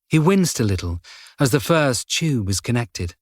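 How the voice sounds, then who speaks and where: Man narrating a thriller audiobook, steady and measured, dry close mic, mid pitch. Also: dry recording. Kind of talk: scripted narration.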